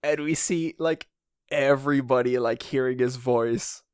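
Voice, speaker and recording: A man co-hosting a podcast in casual chat, excitable, laughing often and swearing casually. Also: mid-range voice, measured pace, clean tone, no echo, studio quality. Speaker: podcast co-host.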